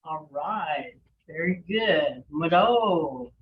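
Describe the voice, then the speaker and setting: A woman language teacher leading an online class, patiently calling on students and gently correcting their pronunciation. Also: deep voice, expressive, very slow. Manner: patient, encouraging, calls on students by name. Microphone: video call. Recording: lo-fi video call audio.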